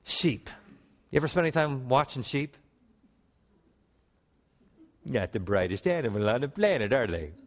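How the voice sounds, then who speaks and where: A man preaching a sermon to a congregation, animated, with emphatic rises and calls for response in a church. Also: medium pitch, normal speed, pauses often. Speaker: pastor.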